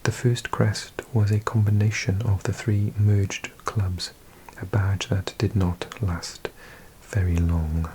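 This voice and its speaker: A man with a Welsh accent, hosting an ASMR video and reading aloud in a slow, hushed mix of whisper and soft speech. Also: on the low side, level tone, background noise. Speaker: ASMR host.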